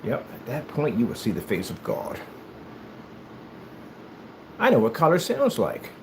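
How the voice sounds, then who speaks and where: Hyped-up guy telling rambling stories mid-game, voice bouncing up and down, mid pitch. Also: a little slow, slight background noise. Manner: animated, rambling storytelling; hyperactive. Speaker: gaming streamer. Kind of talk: casual chat while playing.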